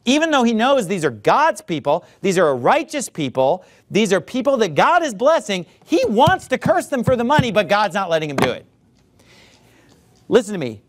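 High, lively preacher man. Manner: emphatic preaching, drawing out key words; addresses listeners directly as folks. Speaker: pastor. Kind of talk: sermon.

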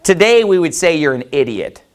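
Here a man preaches as a pastor, lively and full of rhetorical questions, with scripture read in old-fashioned phrasing. His pitch is slightly high and his pace fairly quick.

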